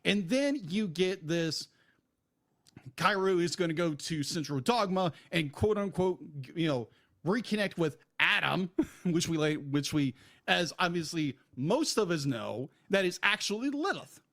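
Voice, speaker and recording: A man's voice: high-pitched, animated, a little slow, fairly bright tone. A man co-hosting a podcast, ranting heatedly about a show he is reviewing. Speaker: podcast co-host. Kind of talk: casual review chat.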